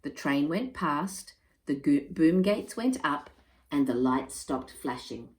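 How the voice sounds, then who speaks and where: A woman reading a children's picture book aloud in an expressive, measured way. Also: low voice. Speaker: storyteller.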